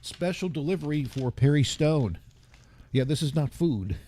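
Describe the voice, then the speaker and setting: A man's voice: fairly high pitch, animated, normal speed, dark tone. An older man hosting a radio show, chatting casually and rambling as he reads listener comments aloud. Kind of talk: casual DJ chat.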